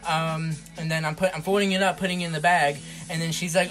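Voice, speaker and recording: A man's voice: on the high side, little pitch movement, quick pace, hardly any pauses, music in the background. A young man casually telling a story about his retail job in an exasperated, incredulous way. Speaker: retail worker vlogger.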